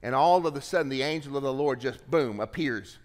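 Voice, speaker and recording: A man preaching a sermon as pastor, reading scripture aloud with lively shifts of pace and emphasis. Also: medium pitch, fairly quick, big-room sound.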